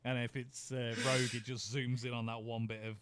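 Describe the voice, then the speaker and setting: A man's voice: mid-range voice, little pitch movement, brisk, noisy background. A man co-hosting a podcast, chatting casually, rambling, swearing and laughing often. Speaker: podcast co-host. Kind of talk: casual chat.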